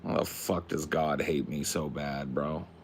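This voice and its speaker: A man's voice: rumbling low, steady tone, unhurried, a little hiss or hum. A young adult man from the Pacific Northwest, streaming and chatting casually with his viewers in a laid-back, slangy way that is full of swearing. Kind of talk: casual livestream chat.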